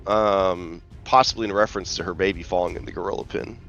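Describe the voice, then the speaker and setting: A man narrating as game master in a casual online tabletop session, relaxed and hesitant with many fillers. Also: deep voice, fast talker, lo-fi sound, soft background music.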